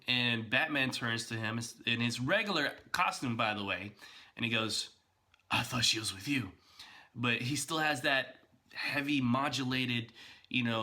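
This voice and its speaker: A man giving casual, animated reaction commentary as a video blogger, chatty and full of fillers and restarts. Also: medium pitch.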